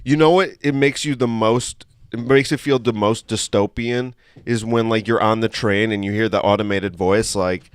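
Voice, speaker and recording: Man, podcast co-host, brash, profane, smooth clear voice, dry close sound. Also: fairly low pitch, fairly even intonation, normal speed, no room sound. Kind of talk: casual chat.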